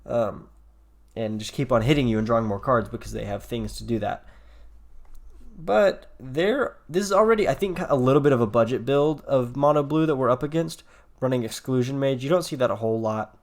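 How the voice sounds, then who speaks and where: A man's voice: medium pitch, brisk. A man giving casual commentary over his own card game, rambling and thinking aloud with fillers, yawning and a bit tired. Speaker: gameplay commentator.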